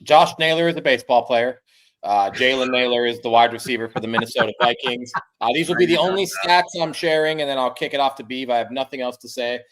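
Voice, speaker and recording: A man's voice: mid-range voice, quick pace, fairly bright tone. A man co-hosting a sports podcast, rambling with lots of "like" and swearing as he criticizes the team. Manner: rambling, filler-heavy, profane. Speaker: podcast co-host. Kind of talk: casual sports chat.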